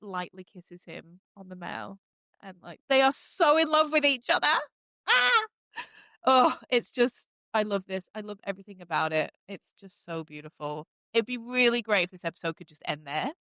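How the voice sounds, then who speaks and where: Bright, chatty woman gushing over a show. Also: lowish voice, clear, resonant tone, no echo. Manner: chatty, many fillers, animated gushing. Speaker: podcast host recapping a TV series. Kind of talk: casual recap chat.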